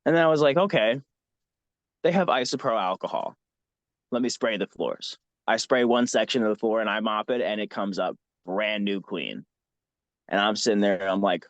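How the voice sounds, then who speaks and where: A man talks as a podcast guest, working through his thoughts in a halting, reflective way. His voice sits at a middle pitch and is recorded close and dry, with no room sound around it. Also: dry recording. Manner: reflective, halting with restarts and fillers. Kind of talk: candid personal storytelling.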